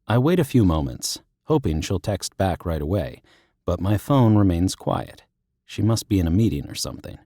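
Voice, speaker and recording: A man's voice: sits low, lively intonation, moderate pace, dark tone, dry recording, studio quality. A young man narrating a first-person romance audiobook in a wry, intimate, playful way. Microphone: close studio mic.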